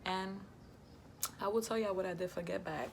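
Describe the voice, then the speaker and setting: A woman's voice: mid-range voice, fairly even intonation, moderate pace, creaky, noisy background. A young adult woman vlogger telling a personal story in a candid, emphatic way, full of slang. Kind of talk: storytime vlog.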